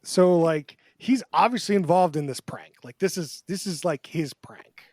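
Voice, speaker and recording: A man's voice: fairly high pitch, moderate pace, a little mellow, no room sound, studio quality. A man co-hosting a casual podcast chat, talking loosely and acting out quotes in put-on voices. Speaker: podcast co-host.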